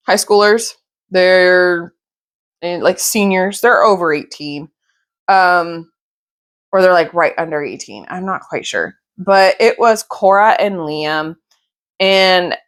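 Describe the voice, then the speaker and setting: Chatty woman with a low voice. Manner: gushing, chatty and rambling. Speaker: book vlogger. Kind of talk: casual reading wrap-up vlog.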